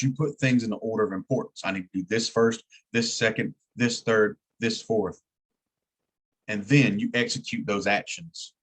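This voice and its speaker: A man's voice: lowish voice, slightly rough. A man teaching an EMT class in a plain-spoken way, repeating key words for emphasis. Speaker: EMT instructor. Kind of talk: classroom lecture.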